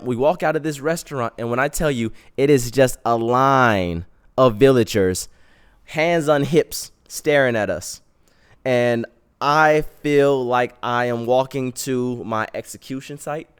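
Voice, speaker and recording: A man's voice: mid-range voice, smooth. A young man hosting a podcast, telling a story in a casual, slangy way and acting out the quotes. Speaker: podcast host.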